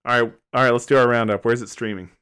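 A man's voice: mid-range voice, fairly even intonation, quick pace, a bit bright, clear, resonant tone. A man co-hosting a podcast, chatting casually with a joking, rambling manner. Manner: joking, rambling, self-interrupting. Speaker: podcast co-host.

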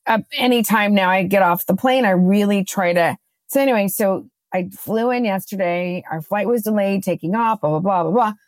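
A woman co-hosting a podcast, chatting casually and telling a lively story, acting out her own quotes. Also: medium pitch, moderate pace, dry recording. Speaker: podcast co-host.

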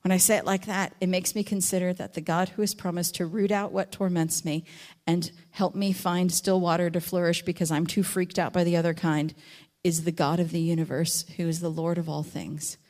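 A fairly low-pitched woman, a Bible teacher, leads a lesson on a psalm through lively storytelling. Sudden loud character voices, for people she quotes and for sheep, give way to slower, softer, thoughtful delivery on key verses.

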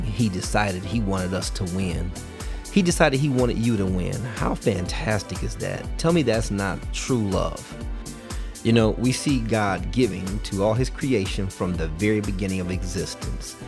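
A man's voice: fairly low pitch, normal speed. A man preaching a sermon in an earnest, emphatic way. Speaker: pastor. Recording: music playing under the voice.

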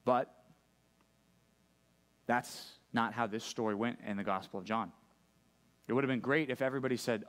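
A man's voice: medium pitch, fairly even intonation, moderate pace, long pauses, fairly bright tone. A male pastor preaching a sermon to a church congregation, talking conversationally and often checking in with his listeners. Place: church service.

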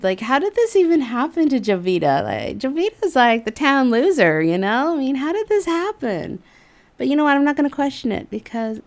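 Giggly woman telling a personal story. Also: on the low side. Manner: animated, giggly, with frequent fillers like "like".

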